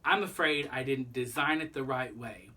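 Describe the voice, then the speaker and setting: A man voicing a boastful daredevil female fish in a children's story, with a raised, loud voice. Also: moderate pace, slightly rough, distant mic. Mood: thoughtful. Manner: brash, high and loud.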